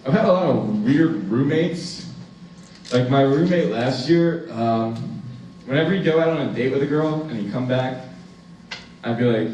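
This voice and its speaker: A man's voice: mid-range voice, normal speed, a little mellow, a little hiss or hum. A young man doing stand-up, telling laid-back anecdotes about roommates. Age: young adult. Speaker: student stand-up comic. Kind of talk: stand-up comedy. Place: large university hall, live audience. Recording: echoey hall, distant mic.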